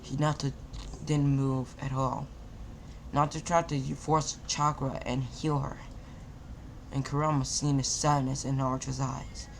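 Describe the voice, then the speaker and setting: A man's voice: mid-range voice, little pitch movement, a little slow, gravelly, slight background noise. A man casually narrating a fan-made anime story, stumbling and repeating words as he goes.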